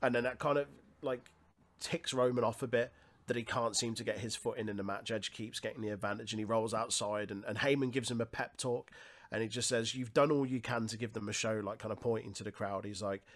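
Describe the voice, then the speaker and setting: A man's voice: lowish voice, fairly even intonation, a little fast. A man, co-hosting a casual chat and recapping a match in detail, loose and sweary, laughing often. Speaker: wrestling podcast co-host.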